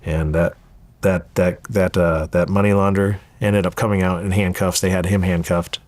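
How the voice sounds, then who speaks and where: Deep guy in his 30s telling his story, does everyone's voices, dry close mic. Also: moderate pace, no room sound. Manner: animated storyteller acting out quoted dialogue. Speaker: interview guest. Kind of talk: storytelling interview.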